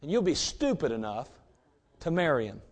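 A man preaching a sermon in a folksy, direct way, swinging between loud emphasis and quiet asides. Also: a little high, sing-song, normal speed.

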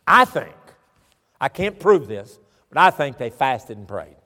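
A man with a Southern accent from Tennessee and Alabama, preaching a folksy, animated sermon with chatty asides. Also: mid-range voice, a little slow. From southern Tennessee and northern Alabama. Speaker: pastor. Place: large church sanctuary. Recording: church hall reverb.

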